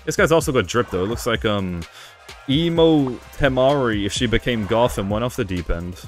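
A young man giving casual gameplay commentary, excitable and sarcastic, joking at his own expense. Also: medium pitch, moderate pace, faint music behind. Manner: excitable, sarcastic, frequent self-deprecating jokes. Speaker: gaming video creator.

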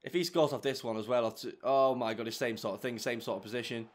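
A young man commentating his own football video game, swinging from muttered grumbles to shouted celebration. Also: medium pitch, steady tone, fast talker. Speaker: gaming YouTuber. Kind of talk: live gameplay commentary.

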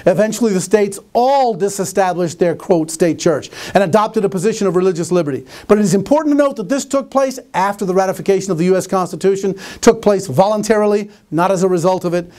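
A man giving a lecture with stories, animated, asking his audience questions and often restarting his phrases. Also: high-pitched, fast, hardly any pauses. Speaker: conference speaker and teacher. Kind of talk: lecture with storytelling.

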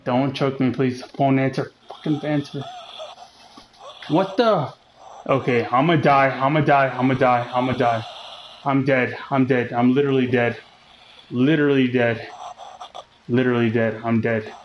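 A man's voice: medium pitch, fairly even intonation, unhurried, long pauses, highs cut off, slight background noise. A man commentating as he plays a horror game, joking and teasing the game, with jumpy outbursts. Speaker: gaming channel host.

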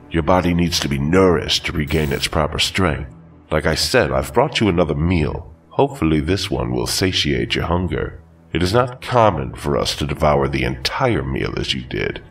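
A man voicing a calm, formal ancient demon-bound master who speaks in a measured way. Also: extremely low pitch, vocal fry, far from the mic, faint music behind, exaggerated voice.

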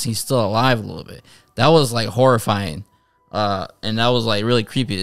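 A man's voice: medium pitch, fairly bright tone, no room sound. A man casually reviewing an anime episode, retelling scenes in a rambling way with many fillers and restarts. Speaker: anime reviewer, channel host.

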